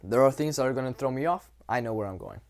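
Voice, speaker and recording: Young male dating coach, casual and blunt, middle pitch, acts out examples. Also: lively intonation, fast. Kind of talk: casual talking-head advice.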